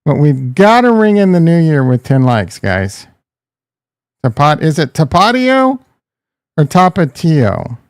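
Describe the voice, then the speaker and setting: Man, livestream host, casual rant, talks to chat, slightly high pitch, dry close sound. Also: lively intonation, measured pace, a little mellow, clear, resonant tone, no room sound. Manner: loose, joking, talks to the chat, calls viewers bro and dude.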